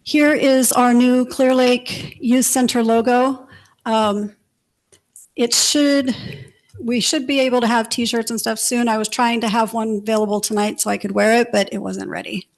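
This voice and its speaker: A woman's voice: fairly high pitch, measured pace. Woman giving a casual slide presentation. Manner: informal, many fillers, relaxed. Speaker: youth center presenter. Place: council chamber.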